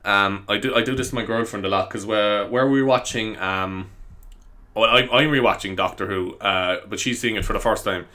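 A man's voice: lowish voice, moderate pace, sharp tone. A young man hosting a casual solo podcast, rambling off topic and laughing at his own jokes in a self-mocking way. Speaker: podcast host.

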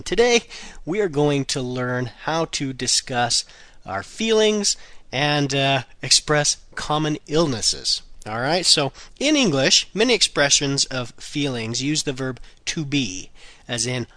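A man hosting a podcast language lesson who repeats phrases slowly for learners. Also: medium pitch, sharp tone, no echo. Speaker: language teacher, podcast host.

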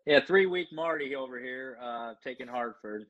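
A man's voice: medium pitch, normal speed, a bit bright. A man co-hosting a sports betting podcast, wry and a little suspicious as he teases the others. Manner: wry and suspicious, with easy laughs. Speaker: podcast co-host. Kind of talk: casual sports betting chat. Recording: dull lo-fi audio.

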